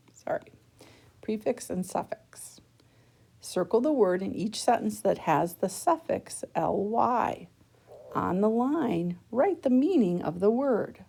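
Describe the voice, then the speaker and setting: A woman's voice: medium pitch, creaky, mellow, breathy edge. A woman teacher patiently walking students through a worksheet, step by step, checking in with a frequent "okay?". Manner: talks students through each step of the task. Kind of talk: worksheet lesson recorded for students.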